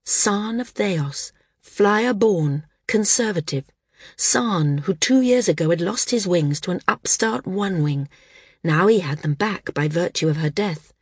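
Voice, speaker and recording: A woman narrating a fantasy audiobook in a steady, measured way. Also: on the low side, breathy edge, no room sound, clean studio sound.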